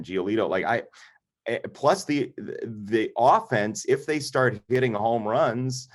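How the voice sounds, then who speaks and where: A man, a guest broadcaster, talking baseball in a casual chat, animated and jokey, often stammering on repeated words. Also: on the low side. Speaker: guest, White Sox broadcaster.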